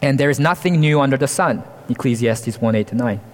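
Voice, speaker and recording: A man's voice: medium pitch, fairly quick, in a large hall. A man preaching a sermon in an earnest, expository way, asking the congregation rhetorical questions.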